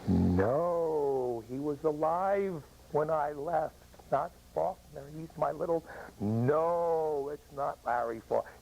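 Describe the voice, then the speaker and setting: Gravelly older man telling a war story. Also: fairly high pitch, darkish tone, a little hiss or hum, low-quality recording. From United States. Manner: emotional, halting, with long pauses. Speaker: Vietnam veteran storyteller. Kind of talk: personal war story told to an audience. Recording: old radio broadcast recording.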